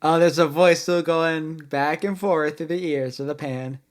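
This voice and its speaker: Reaction host: a man with a slightly high voice, musing casually on riffs and phrasing. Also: steady tone, unhurried. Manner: musing, comments on guitar parts between songs.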